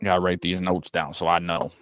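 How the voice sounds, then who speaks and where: A man streaming a watch party, giving casual play-by-play commentary that turns excitable and profane when frustrated. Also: low voice, a little fast, no room sound. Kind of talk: casual live game commentary.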